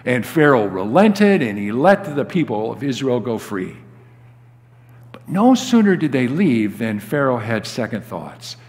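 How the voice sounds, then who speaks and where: A man's voice: mid-range voice, big pitch swings, a little slow. Older male pastor preaching in a church hall. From United States. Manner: storytelling, acts out quoted dialogue with rising emphasis. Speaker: guest pastor. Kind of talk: sermon. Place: church sanctuary. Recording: long hall reverb.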